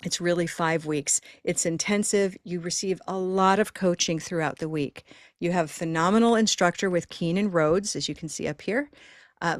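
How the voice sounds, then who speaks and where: Woman, lower voice, online pronunciation teacher, upbeat, encouraging, chatty, dry sound. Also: no room sound. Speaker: pronunciation teacher hosting a live online session. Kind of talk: live online class talk.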